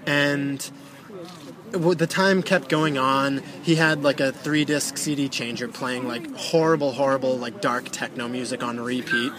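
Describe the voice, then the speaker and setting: A man's voice: mid-range voice, steady tone, measured pace, crowd noise. A young man telling a story in a rambling, profane way, full of fillers. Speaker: storyteller guest. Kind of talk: casual storytelling.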